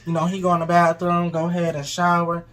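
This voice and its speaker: A man's voice: fairly high pitch, fast. A man casually telling a dramatic story to his co-host. He swears freely, acts out what people said and laughs often. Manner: animated, profane, acts out quotes, laughs often.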